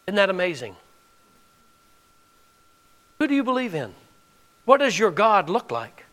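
A man preaches to his congregation in a high, ringing voice. He leans into phrases for emphasis and keeps firing direct questions at his listeners. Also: big pitch swings, a little slow, a bit bright. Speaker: pastor. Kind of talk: sermon.

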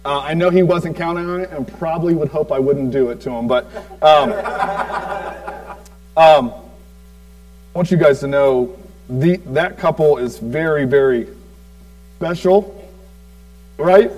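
A man's voice: on the high side, a little slow, long pauses, darkish tone, poor audio. A man in his forties telling a personal testimony to a church crowd, rambling with lots of fillers and asides to the audience. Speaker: church speaker giving a tribute.

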